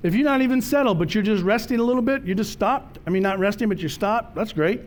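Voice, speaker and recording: A middle-aged man preaching a sermon in a conversational, storytelling way, slowing down to stress key words. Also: high voice, lively intonation. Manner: conversational, storytelling preacher with slow emphatic phrases. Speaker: pastor.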